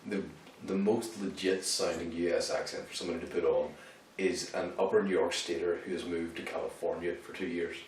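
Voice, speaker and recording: A man in a casual chat, opinionated and quick to cut in. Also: deep voice, fairly even intonation, recorded from a distance. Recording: very echoey room, off-mic, faint noise.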